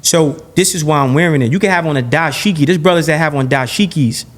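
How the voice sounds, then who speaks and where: A man with a notably high-pitched voice holds forth as a podcast guest in a heated interview. He talks in an animated rush, stacking and repeating phrases, restarting sentences and swearing bluntly. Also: quick pace. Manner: blunt and profane.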